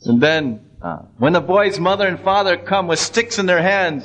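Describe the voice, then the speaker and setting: Male preacher-storyteller, animated delivery, restarts often, slightly high pitch. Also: moderate pace, few pauses, poor audio. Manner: animated retelling with many restarts. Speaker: religious storyteller. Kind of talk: devotional story sermon.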